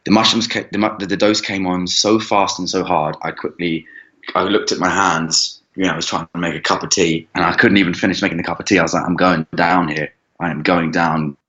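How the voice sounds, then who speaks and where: Deep voiced guy rambling thru a story, lots of restarts n swearing, kinda muffled lo-fi audio. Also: steady tone, quick pace, pushed and bright. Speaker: guest. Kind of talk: casual storytelling. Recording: dull lo-fi recording.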